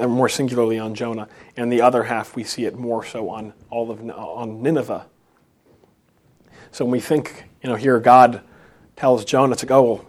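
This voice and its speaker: Man of ordinary pitch preaching loosely, stumbling and building emphasis. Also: darkish tone. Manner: halting, with many restarts and rising emphasis. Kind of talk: unscripted sermon.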